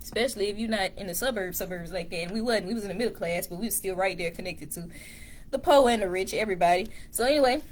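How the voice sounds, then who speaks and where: A woman's voice: mid-range voice, fast, slight background noise. Laid-back Dallas woman chatting to viewers. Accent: Dallas, Texas. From Dallas, Texas. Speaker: vlogger. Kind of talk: casual accent-challenge vlog. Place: dim room at home. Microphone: phone camera on a tripod.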